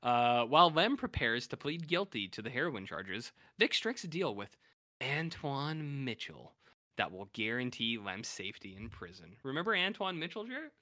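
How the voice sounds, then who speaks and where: A man's voice: medium pitch, very animated, moderate pace, hardly any pauses, bright, forceful tone, no echo, studio quality. A man co-hosting a podcast in casual chat, animatedly retelling episodes and acting out what characters say. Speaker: podcast co-host.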